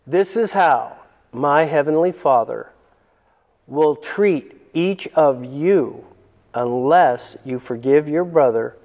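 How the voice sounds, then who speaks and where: A man's voice: medium pitch, gravelly, darkish tone. A male pastor preaching a sermon, reading scripture and joking in conversational asides. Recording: long reverb in a hall.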